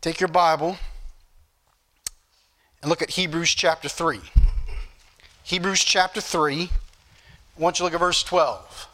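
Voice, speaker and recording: Preacher guy, high bright voice, fired up exhorting the church, repeats his bible verses. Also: steady tone, a little slow, long pauses. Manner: exhorting, repeats scripture references, rising emphatic bursts. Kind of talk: sermon.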